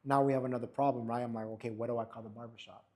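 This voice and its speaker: A young man tells a story in a barbershop, his voice sitting at a middle pitch. He slips into the voices of the people he quotes and talks casually. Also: very fast. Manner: animated, acts out quotes of others. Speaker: barber and podcast co-host.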